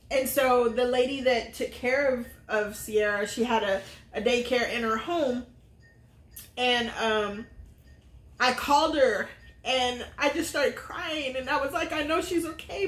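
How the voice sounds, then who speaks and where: A woman's voice: fairly high pitch, a bit bright. A middle-aged woman, a vlog host, telling a personal story in earnest with many fillers. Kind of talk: casual storytelling chat. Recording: roomy echo.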